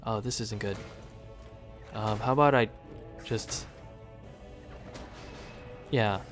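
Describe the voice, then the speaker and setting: A man's voice: lowish voice, takes it slowly, soft background music. A man giving casual commentary over his own gameplay, chatting to the screen and coaxing the units along. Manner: chatty, talks to the game units, sudden excited outbursts. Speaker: gaming video creator.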